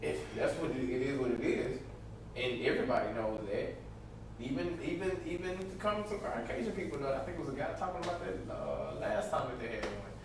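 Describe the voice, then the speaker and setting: A man co-hosting a podcast in casual chat, getting loud and excited when he argues a point. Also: medium pitch, a little fast. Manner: animated, gets loud and excited when arguing. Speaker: podcast co-host. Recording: echoey room, mic far off, faint noise.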